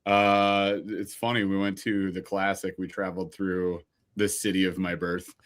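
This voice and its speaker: Laid-back dude in his 30s, lowish voice, cracks up a lot, pokes fun at himself. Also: level tone, moderate pace, fairly bright tone. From Ohio, USA. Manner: laughs often, self-deprecating, loose. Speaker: guest. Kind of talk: casual chat.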